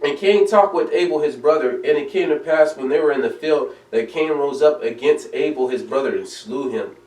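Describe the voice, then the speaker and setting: A man's voice: a little high, normal speed, darkish tone. A man preaching a sermon in an emphatic, conversational way, reading scripture aloud. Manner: emphatic, conversational preaching, reads King James verses aloud. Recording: echoey room from a distance.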